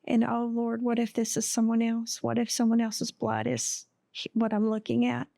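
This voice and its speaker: A woman recounting her own story as an interview guest. She speaks slowly and haltingly, pausing often. Her voice is gravelly and dark, and the sound is dry and close. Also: fairly high pitch, completely flat delivery, dry recording. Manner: halting and emotional, with many pauses and fillers. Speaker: podcast guest. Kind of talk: telling a personal story in an interview.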